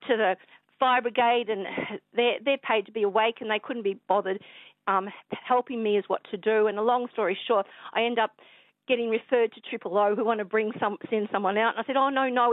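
A woman's voice: on the high side, dry recording. Rambling Australian woman on a phone line. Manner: rambling, excitable, many fillers. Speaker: caller. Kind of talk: rambling phone call to radio. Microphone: telephone.

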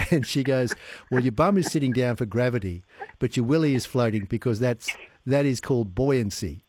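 A man's voice: mid-range voice, breathy edge, no room sound. A man hosting a radio show, chatting casually and laughing easily as he tells stories. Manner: laughs easily, animated storyteller. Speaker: radio host.

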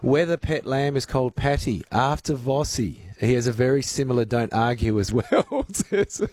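A man's voice: mid-range voice, moderate pace, darkish tone. A man hosting a radio show, joking easily with his guest and reading out listener texts. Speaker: radio host. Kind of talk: radio interview.

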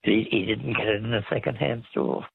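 Gravelly caller on a phone line. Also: male voice, fairly low pitch, brisk, slight background noise. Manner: jokey, offers wry trivia. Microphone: telephone.

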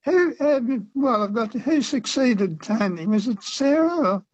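A man's voice: extremely high pitch, animated, a little slow, breathy edge, dry recording. A man calling in to a radio quiz, hesitant and unsure, with many ums. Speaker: caller, quiz contestant. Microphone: telephone. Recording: dull phone line.

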